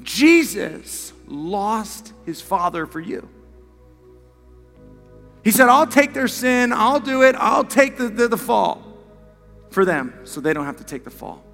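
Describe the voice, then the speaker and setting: A man preaching a sermon as pastor, impassioned, moving from hushed words to shouts. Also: high voice, sing-song, slow pace, vocal fry, pauses often, big-room sound, faint music behind. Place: church sanctuary.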